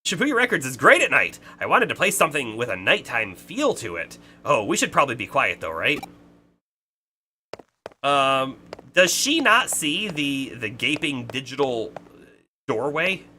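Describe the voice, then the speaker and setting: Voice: medium pitch, sing-song, unhurried, pushed and bright, a little hiss or hum. A streamer giving chatty playthrough commentary, reading game dialogue aloud and laughing often.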